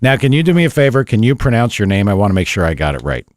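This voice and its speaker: A man's voice: on the low side, sing-song, rapid-fire, dry recording, studio quality. A man with a New Jersey accent co-hosting a podcast, rambling and self-deprecating. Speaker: podcast co-host. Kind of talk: casual studio chat.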